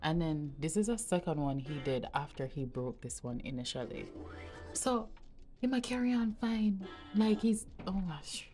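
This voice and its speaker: A woman's voice: sits low, expressive, normal speed, dark tone, faint music behind. A woman with a Jamaican accent chatting to her phone camera in a casual, storytelling vlog, now and then turning to talk to her toddler. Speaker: lifestyle vlogger. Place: car, outdoors in the cold and at home. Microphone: phone front camera.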